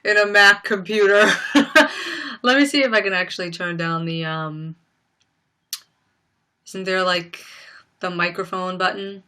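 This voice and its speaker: A young woman hosting a livestream, softly reading out chat comments and thanking viewers, on a built-in laptop mic at home. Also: mid-range voice, a little slow, long pauses, clean tone. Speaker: livestream host.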